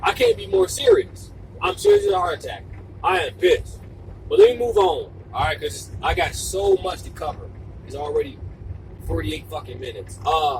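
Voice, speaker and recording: Male video blogger, heated repetitive monologue, gravelly edge, faint background hiss. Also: high-pitched, far from the mic, low-quality recording. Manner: fervent, profane, repetitive and emphatic, sometimes shouting. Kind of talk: impassioned monologue to camera.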